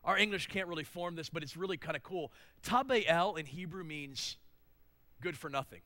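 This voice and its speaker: High-voiced pastor guy giving a sermon, gets loud then drops to a hush, sharp tone. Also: normal speed, dry recording. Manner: emphatic, swings between loud declarations and hushed asides.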